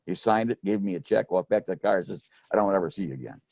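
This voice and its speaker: Gravelly low-voiced man telling sales stories. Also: lively intonation, very fast, a little mellow, dry recording, muffled recording. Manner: rambling, repeats and restarts, folksy. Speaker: former insurance sales manager telling sales stories. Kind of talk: casual storytelling chat.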